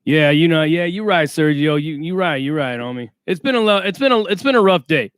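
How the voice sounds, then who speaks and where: A man hosts a casual livestream, greeting viewers by name as he reads chat handles aloud in streetwise slang. His voice is fairly high, brisk and expressive, with a clear, resonant, fairly bright tone. The recording is dry and studio-clean.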